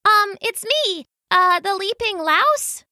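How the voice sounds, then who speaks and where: Tiny hesitant storybook louse, very high and squeaky, voiced by a woman. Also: expressive, takes it slowly, bright, forceful tone, no echo, clean studio sound, heavily acted. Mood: timid pleading. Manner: hesitant, pleading. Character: tiny timid leaping louse.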